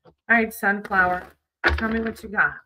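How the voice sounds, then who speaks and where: A woman's voice: mid-range voice, steady tone, normal speed, background noise. A woman chatting casually with viewers on a livestream, greeting them by name and reading tarot cards.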